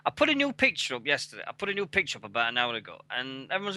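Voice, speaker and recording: Sweary man with a very bright voice. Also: medium pitch, wildly swooping pitch, rapid-fire, no room sound. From England. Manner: sweary, rambling, laughing at himself. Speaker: radio show host. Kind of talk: casual chat on a web radio show. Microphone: headset.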